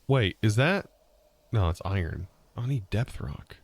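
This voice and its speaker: This streamer's voice is fairly low with lively intonation and a breathy edge, and he speaks at a measured pace with no echo. While playing a modded building game, he chats loosely with his viewers, rambling about words between tasks.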